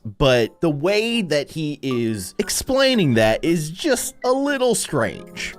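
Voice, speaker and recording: A man gives gaming commentary in an animated, joking way, laughing often. His pitch leaps around constantly, and faint music sits behind him. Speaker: gaming video creator. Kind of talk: playful gameplay commentary.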